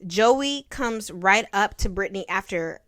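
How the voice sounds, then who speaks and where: A young woman in her twenties reviews a childhood film in a playful, slangy, sarcastic way. She takes her time, with an unhurried, drawn-out delivery. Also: mid-range voice, animated, fairly bright tone. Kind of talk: casual commentary.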